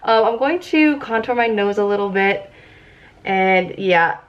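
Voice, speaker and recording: A young woman vlogging casually about her makeup, excitable and giggly, chatting as she works. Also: medium pitch, measured pace. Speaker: beauty vlogger. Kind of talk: casual makeup tutorial chat. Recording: slightly dull lo-fi audio.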